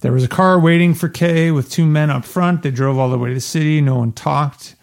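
A man's voice: a little high, brisk, creaky. A man co-hosting a casual chat, reading book passages aloud and chuckling often. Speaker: podcast co-host. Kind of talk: casual chat about a novel.

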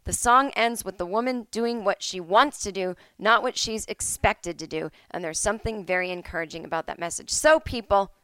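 A middle-aged woman hosting her own podcast from home, chatting casually with animated, sarcastic asides. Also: mid-range voice, moderate pace, few pauses, clean tone, dry recording. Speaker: podcast host. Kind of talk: solo casual chat.

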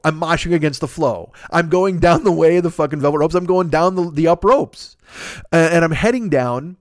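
A man hosting a podcast, telling a long comic anecdote in a casual, profane, animated way into a close mic. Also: fairly high pitch, a little fast, no echo. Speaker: podcast host. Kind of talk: casual comedic storytelling.

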